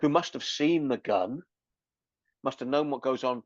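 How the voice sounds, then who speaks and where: A man's voice: mid-range voice, moderate pace, dry recording. Man on a dull, dry mic. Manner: reflective, joking. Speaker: podcast co-host. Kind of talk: casual film review chat.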